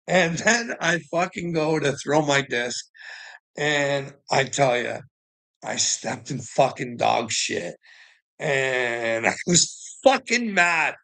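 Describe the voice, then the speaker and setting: A man's voice: medium pitch, animated, slow, gravelly, pushed and bright. A Canadian man in a rambling casual monologue, swearing a lot and laughing often between sentences.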